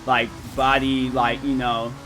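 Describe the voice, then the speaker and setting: A young man streaming games, chatting casually with his viewers and telling animated, slang-filled stories. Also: medium pitch, slow pace, background noise. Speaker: gaming streamer.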